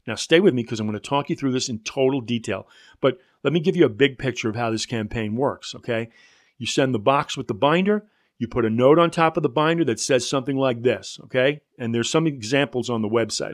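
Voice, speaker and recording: A man in the middle pitch range lays out a marketing method like a sales trainer talking to a room. He keeps it conversational, throwing in blunt asides and quick stories as he goes. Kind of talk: instructional talk to an audience.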